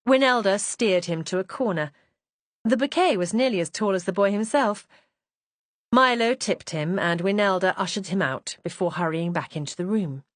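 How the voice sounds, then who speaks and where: A woman's voice: mid-range voice, normal speed, dry recording. A woman reading a mystery audiobook in poised, first-person narration.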